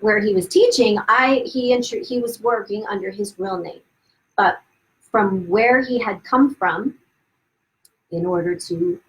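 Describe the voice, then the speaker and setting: Over poor audio from a webcam or phone, a woman with a medium-pitched voice hosts a live video series. She tells her own story candidly and casually, full of asides and restarts, laughing at her past.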